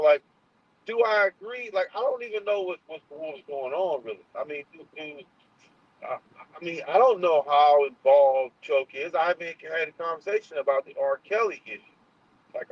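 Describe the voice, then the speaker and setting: A man hosting a casual livestream, heated and profane, often restarting his sentences. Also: a little high. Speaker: channel host. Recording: muffled lo-fi sound.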